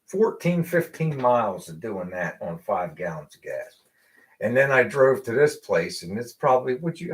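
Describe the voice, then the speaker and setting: An American man hosting a casual live show, telling a story with animated asides and acted-out quotes. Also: fairly low pitch. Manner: animated storyteller, acts out voices of people in his story. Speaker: podcast host.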